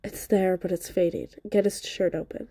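Bold young soldier woman, teasing and urgent, a woman reading her lines, low mellow voice, storybook reading. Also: steady tone, moderate pace, slight background noise, lightly acted.

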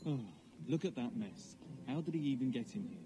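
An actor voicing a calm, good-natured young knight in video game dialogue. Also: male voice, medium pitch, fairly quick, very noisy, close to an everyday voice. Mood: wry.

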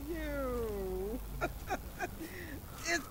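Brief: a nagging, sassy game aunt, high and bouncy. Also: female voice, lively intonation, very slow, heavy background noise, full character voice. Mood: scolding. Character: scolding middle-aged woman, an aunt.

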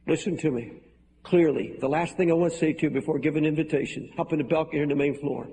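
A man's voice: on the high side, fast talker, dark tone. An older man preaching a sermon to a large congregation, in an earnest, pleading manner. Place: large hall with balcony. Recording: echoey hall, faint noise.

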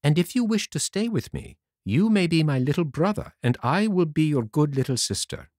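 A man voicing a kind, motherly fairy with a soft, soothing delivery, for a storybook reading. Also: on the high side, big pitch swings, normal speed, no room sound, studio quality, pitched above the performer's own voice.

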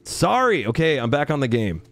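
A man's voice: on the high side, big pitch swings, brisk. A young man chatting casually on a live game stream, thanking viewers by name and laughing often.

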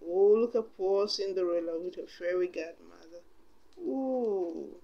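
A woman's voice: on the low side, unhurried, creaky, lo-fi sound. A woman reading a storybook aloud expressively, with chatty asides to her listeners.

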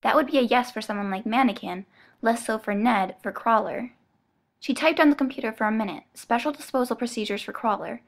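A woman reads an audiobook aloud in a steady, measured storytelling style. Her voice sits on the high side, and the narration is scripted.

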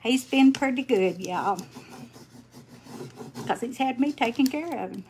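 A woman's voice: high-pitched, animated, unhurried, background noise. An older woman chatting folksily on a livestream, greeting viewers by name and sounding tired. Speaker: livestream host. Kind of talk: casual livestream chat while crafting.

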